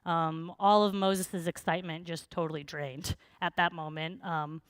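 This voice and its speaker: A woman pastor preaches in a relaxed, conversational way, full of fillers. Her voice sits slightly low and comes through smooth and clean. The sound is dry and close, with no room echo. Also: measured pace. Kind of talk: sermon.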